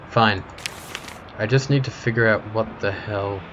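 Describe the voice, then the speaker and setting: A man's voice: lowish voice, steady tone, a little slow, pauses often, lo-fi sound, heavy background noise. A man casually commenting on a video game as he plays, reacting and thinking aloud. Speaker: gamer. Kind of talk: let's play commentary. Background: game music.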